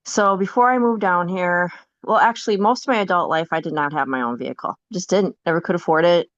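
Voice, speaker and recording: A woman's voice: fairly low pitch, a little fast, no echo, lo-fi sound. A woman podcast guest in casual chat, telling a personal story candidly and often laughing.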